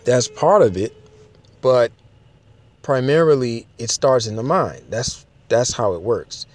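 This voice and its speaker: A man's voice: medium pitch, expressive, slow pace, a little mellow. A man giving an informal Bible teaching, talking it through with frequent restarts and reading King James verses aloud. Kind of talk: informal sermon with scripture reading.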